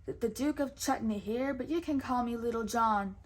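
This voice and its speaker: A woman's voice: fairly high pitch, normal speed, lightly acted. A woman voicing a big, loyal male sidekick who blusters and threatens in a storybook. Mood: blustering.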